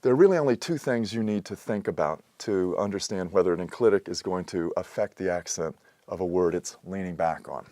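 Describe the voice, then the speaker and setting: A man calmly explaining a grammar lesson in a methodical, patient way, with a few fillers. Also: low voice, fairly quick, no room sound. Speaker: teacher. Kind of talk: explanatory lecture.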